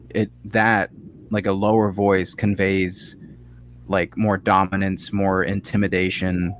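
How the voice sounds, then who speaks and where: A man with a fairly low voice chats casually and uses slang, acting out bits of other people's lines. Faint room ambience sits behind him. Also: completely flat delivery, measured pace, a little hiss or hum. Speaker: podcast co-host. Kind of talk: casual chat.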